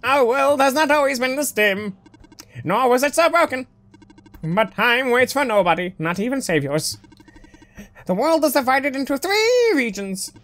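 A woman voicing a formal robot who speaks grandly and solemnly while explaining a dark world. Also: high-pitched, big pitch swings, a little slow, pitched above the performer's own voice, exaggerated voice. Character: eager, formal robot who greets a savior.

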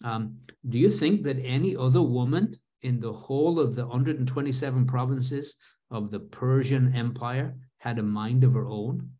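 Mellow-voiced man teaching a Bible lesson. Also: mid-range voice. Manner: reads scripture aloud then explains it conversationally, with fillers and restarts.

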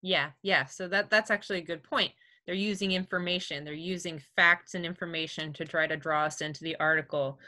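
A woman's voice: fairly low pitch, steady tone, a little fast, hardly any pauses, bright, forceful tone. A woman teaching a class over a video call, casual and chatty, with many fillers and easy laughs. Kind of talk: online class lecture.

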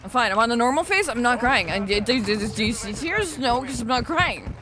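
A young adult woman streaming a shooter game, chatting with viewers, swearing freely and reacting loudly to tips. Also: a little high, brisk. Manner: excitable, swears a lot, reacts loudly to donations. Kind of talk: live gaming stream chat and commentary. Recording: noisy home stream recording with keyboard clicks.

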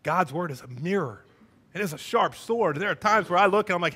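A middle-aged man preaching a sermon as a church pastor, animated, acting out quoted voices with wide swings in pitch. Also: fast talker, slightly rough. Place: church sanctuary.

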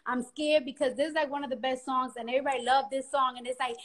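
A young woman chatting on a phone live stream, nervous and giddy, rambling with loud laughs and squeals. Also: high voice, little pitch movement, very fast. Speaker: Instagram live co-host. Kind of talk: casual live-stream chat. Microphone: phone camera.

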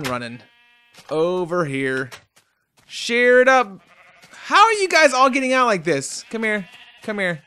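Bright, high-voiced gamer guy. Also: slight background noise. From North Carolina. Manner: rambling, jokey, talks to his game animals. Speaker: gaming host. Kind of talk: casual let's play commentary.

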